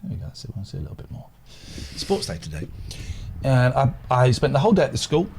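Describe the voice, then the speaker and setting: A man's voice: mid-range voice, wildly swooping pitch, quick pace, gravelly, darkish tone, slight background noise. A middle-aged man hosting a live phone-in show, telling rambling anecdotes in a chatty way. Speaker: radio phone-in host. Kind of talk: casual live chat.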